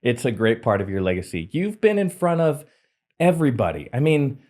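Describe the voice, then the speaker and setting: Young host type, interviewing a guest, earnest and a bit halting. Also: male voice, medium pitch, big pitch swings, a little mellow. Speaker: podcast host. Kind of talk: interview conversation.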